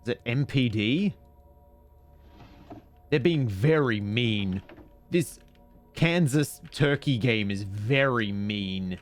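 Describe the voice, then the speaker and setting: A male streamer talking through a video game, dry and jokey, often muttering to himself. His voice sits at an ordinary middle pitch, and he riffs sarcastically on what he finds. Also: animated, takes it slowly, pauses often, soft background music. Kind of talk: casual gameplay commentary.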